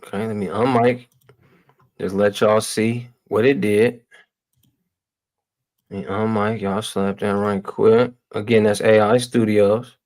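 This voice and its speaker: A man's voice: lowish voice, fairly even intonation, slow pace, long pauses, a little mellow, rough recording. A man hosting a livestream, talking through tech demos in a loose, slangy, casual way. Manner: loose, slangy, addresses viewers as y'all. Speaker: livestream host. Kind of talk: casual tech demo talk.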